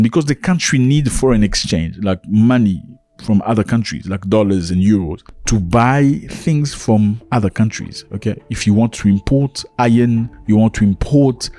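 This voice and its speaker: A man giving animated news commentary, asking rhetorical questions and explaining things to his viewers. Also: fairly low pitch, no room sound, studio quality.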